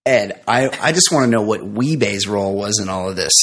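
A man's voice: fairly low pitch, lively intonation, a little fast, fairly bright tone. A man co-hosting a comedy podcast, reading a news story aloud with laughs and bantering casually. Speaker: podcast co-host.

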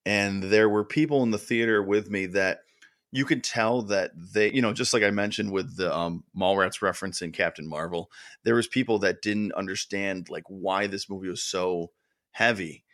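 A man co-hosts a podcast, rambling through casual chat with many fillers and restarts. His voice is low and fairly bright at a normal speed, captured in a clean studio with no room sound.

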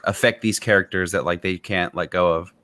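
Wry, low-voiced man chatting about a film. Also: fairly quick. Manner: relaxed, wry, laughs easily. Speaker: podcast co-host. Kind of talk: casual movie review chat.

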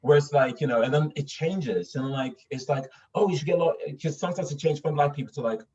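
On the high side and a little mellow, this male voice moves at a quick pace. He's a young adult voice actor from northern England with a well-spoken accent, recounting anecdotes in a casual interview with frequent fillers and restarts, recorded through a dull, distant mic.

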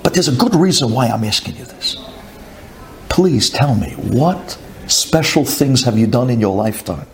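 A man's voice: mid-range voice, animated, moderate pace, lightly acted. A man voicing an earnest male rabbi who coaxes and pleads in a storyteller's retelling. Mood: pleading. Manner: pleading, coaxing.

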